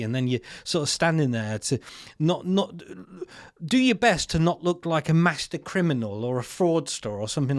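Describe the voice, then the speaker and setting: A man's voice: on the high side, no room sound, clean studio sound. A man, hosting an opinionated commentary with exasperated, sarcastic asides and slangy remarks. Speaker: commentary channel host.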